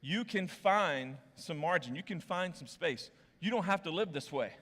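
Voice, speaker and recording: A man's voice: a little high, animated, normal speed, a bit bright. A man preaching a sermon as pastor, joking with volunteers on stage and speaking candidly to the congregation. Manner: playful and joking with volunteers, then candid and confessional. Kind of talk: sermon with audience games. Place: church auditorium. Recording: long reverb of a large hall.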